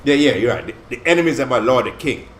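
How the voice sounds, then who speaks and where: A man's voice: mid-range voice, animated, quick pace. A man leading a casual Bible study, explaining scripture in slangy, conversational talk full of restarts and "you know what I'm saying". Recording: echoey room.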